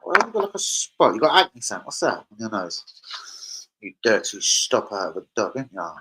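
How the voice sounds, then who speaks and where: A man's voice: lowish voice, very animated, moderate pace, very noisy. A man hosting a casual fan live stream, crude and rowdy, joking with his chat. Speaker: fan channel host. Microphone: streaming setup.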